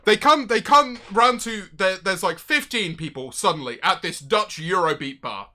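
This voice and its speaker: A young man telling a story casually as a streamer, animated, swearing often, with loud bursts of excitement. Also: high-pitched, normal speed. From Britain.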